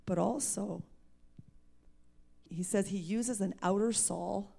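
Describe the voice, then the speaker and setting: Woman preacher with a gravelly edge. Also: on the low side, dark tone. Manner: candid and emphatic, laughing at herself. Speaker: preacher sharing her testimony. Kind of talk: personal testimony in a sermon.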